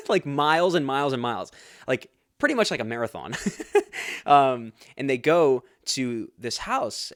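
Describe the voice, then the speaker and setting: A man's voice: mid-range voice, no echo, studio quality. A man hosting a faith podcast, talking earnestly and casually and laughing often. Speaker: podcast host.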